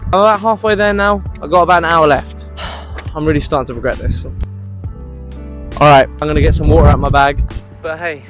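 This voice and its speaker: A young man walks outdoors at night vlogging to a handheld phone camera, chatting in a jokey, self-mocking and nervous way. His voice is on the high side and fairly bright, fairly quick but broken by long pauses. Background music plays over the outdoor phone audio.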